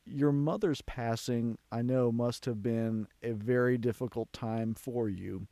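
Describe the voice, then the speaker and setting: Male radio host, mid-pitched and measured, dry close studio mic. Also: steady tone, dark tone, no room sound. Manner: measured, prepared questions. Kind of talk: radio interview. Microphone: studio microphone.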